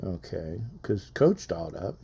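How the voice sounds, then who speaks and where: A man's voice: on the low side, very animated, a little slow, vocal fry, warm tone, breathy edge. Rambling male call-in show host. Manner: rambling and repetitive, reads out phone numbers. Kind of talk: casual live call-in sports chat.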